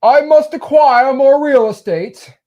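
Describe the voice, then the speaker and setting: A man's voice: very high voice, slow pace, muffled recording, voice pushed up. A man voicing a snobby, pompous rich property buyer with a put-on accent.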